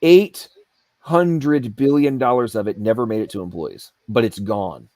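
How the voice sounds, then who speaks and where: A man's voice: mid-range voice, measured pace, dark tone, no echo. A man hosting an aftershow, ranting heatedly and sarcastically about government waste. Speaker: show host. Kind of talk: aftershow rant. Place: Asheville home studio.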